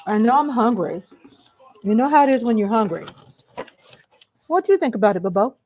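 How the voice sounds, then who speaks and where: A woman's voice: a little high, expressive, fairly quick, muffled recording, a little hiss or hum. A woman hosting a casual live chat, greeting viewers by name and laughing often. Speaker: livestream host.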